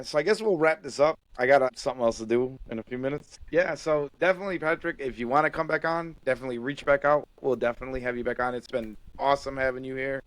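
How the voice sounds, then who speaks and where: Male podcast host, relaxed and casual, dry close recording. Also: mid-range voice, no room sound, low-quality recording. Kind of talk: casual chat.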